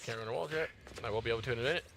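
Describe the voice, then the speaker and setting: A man's voice: mid-range voice, very fast, vocal fry, background noise. A tired man giving slangy live gameplay commentary, yelping and squealing when startled. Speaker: gaming streamer.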